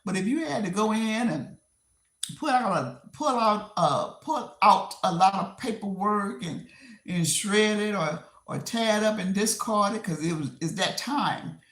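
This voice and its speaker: A woman talks casually to her livestream viewers while she tidies her desk at home. She circles back over the same points and laughs easily. Her voice sits at an everyday pitch, and the room adds a noticeable echo. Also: animated, a little slow. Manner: rambling and repetitive, with frequent laughs. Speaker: livestream host. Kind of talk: casual live-stream chat. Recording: roomy echo.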